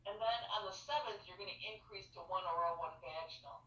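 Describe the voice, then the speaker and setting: Bright-voiced nurse walking through a schedule. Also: female voice, medium pitch, fast talker, echoey room, distant mic, rough recording. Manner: patient, step-by-step, checks understanding with "okay?". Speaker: fertility nurse. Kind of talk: explaining a medication calendar. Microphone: video call.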